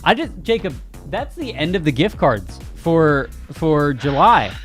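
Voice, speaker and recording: A man hosting a live gaming news stream, joking with his viewers and laughing often. His voice sits a bit high, and faint music plays underneath. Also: sing-song, unhurried. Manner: joking, talks straight to chat, laughs often. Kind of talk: casual live-stream chat.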